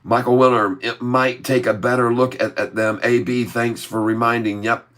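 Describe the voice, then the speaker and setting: A middle-aged American man hosting a casual stock-trading livestream, reading viewer comments aloud and answering them in a relaxed, chatty way. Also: mid-range voice, moderate pace. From USA. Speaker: livestream host reading chat.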